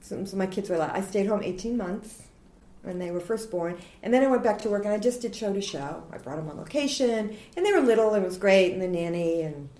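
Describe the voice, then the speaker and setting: A woman's voice: medium pitch, a little fast. A woman in her forties telling stories from her career as an interview guest, laughing often and acting out what people said. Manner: animated, laughing, acts out quotes. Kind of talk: casual interview storytelling. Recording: roomy echo.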